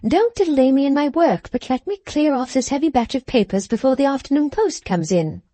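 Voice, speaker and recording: A woman's voice: high voice, a little fast, no echo. A woman reading a serene, dismissive mother. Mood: serenely dismissive. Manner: calm, dismissive, composed. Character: serene, distracted middle-aged mother.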